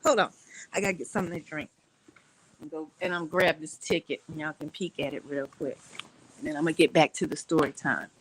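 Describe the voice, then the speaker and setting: A woman, from Texas, telling a story in casual chat from her couch at home, animated and laughing, playfully shifting her voice. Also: low-pitched, brisk, a little hiss or hum, rough recording.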